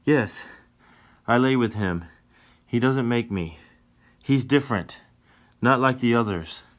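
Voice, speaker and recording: Male reader doing a young frontier woman, pitched up, earnest and loud. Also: takes it slowly, lightly acted.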